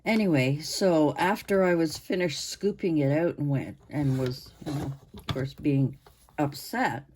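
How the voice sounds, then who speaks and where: A woman in her sixties hosting her own channel, chatting to camera in a rambling way with pauses and restarts, her voice hoarse and interrupted by coughs. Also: deep voice, a little mellow, a little hiss or hum. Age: 60s. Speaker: channel host. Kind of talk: casual chat to camera.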